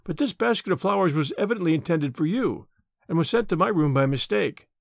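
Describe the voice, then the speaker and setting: A man voicing a kindly gentleman who speaks politely and gently in an audiobook. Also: a little high, expressive, fairly quick, creaky, no echo, studio quality. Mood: courteous. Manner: courteous, gentle.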